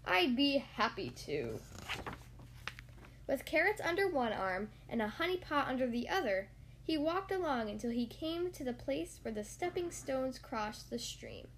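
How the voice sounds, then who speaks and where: Woman storyteller, high lively voice, sing-song read-aloud. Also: normal speed, slight background noise. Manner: animated, sing-song reading.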